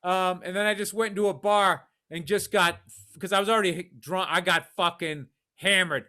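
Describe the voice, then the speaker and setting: A man co-hosting a podcast, telling animated, profane stories in casual chat. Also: sits high, normal speed. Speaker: podcast co-host.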